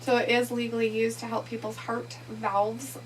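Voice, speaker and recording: A woman's voice: a little high, flat delivery, normal speed. A woman co-hosting a livestream, chatting casually, reading viewer comments aloud and laughing often. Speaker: livestream co-host. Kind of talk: casual chat while watching wrestling. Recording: distant mic with faint hum.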